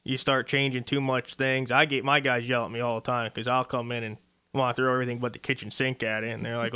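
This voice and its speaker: A man in his twenties, a race car driver, answering questions in a relaxed, rambling way on a radio interview. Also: medium pitch, fast, smooth. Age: 20s. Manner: easygoing, rambling with fillers. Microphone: studio microphone.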